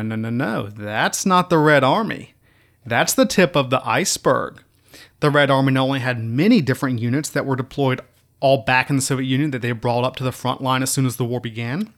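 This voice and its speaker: A man talks through history in a loose, unscripted way, his voice sitting a little high. He leans hard on key words, often saying them twice. He throws in mocking asides as he goes. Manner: emphatic, repeats words for stress, mocking asides. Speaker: history video host. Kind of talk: casual history talk.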